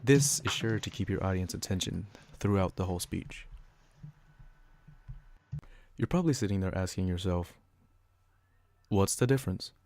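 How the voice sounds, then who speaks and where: Deep-voiced young man reading a lesson. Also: expressive, normal speed, pauses often, a little mellow, slight background noise. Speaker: student podcaster. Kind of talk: scripted educational podcast.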